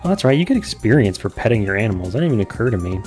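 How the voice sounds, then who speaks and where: A man's voice: fairly low pitch, sing-song, rapid-fire, darkish tone, soft background music. A man giving casual, profane, self-mocking let's-play commentary as he plays a farming game. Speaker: gaming streamer.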